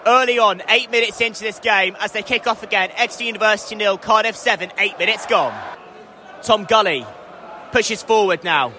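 A young man giving live, excitable rugby commentary from a stadium stand, his voice climbing into shouts at big moments. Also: high voice, brisk, a faint crowd, slight background noise. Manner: excitable, rising to shouts at scores. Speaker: match commentator.

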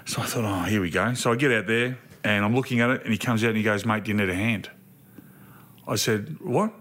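Aussie guy in his 40s on a podcast, animated storyteller, does the voices in his stories. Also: fairly low pitch, quick pace. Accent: Australian. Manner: animated storyteller, acts out quotes. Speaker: podcast co-host. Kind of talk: casual chat.

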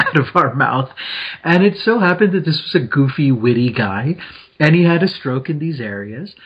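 A man's voice: medium pitch, breathy edge, lo-fi sound. A man co-hosting a podcast in casual chat, giggling often and rambling through explanations with many restarts. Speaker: podcast co-host.

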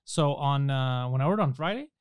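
A quick, smooth-voiced man co-hosting a podcast, recorded close and dry. He tells stories with animation and swears freely. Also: medium pitch, lively intonation, no room sound, dull audio. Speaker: podcast co-host. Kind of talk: casual comedic podcast chat.

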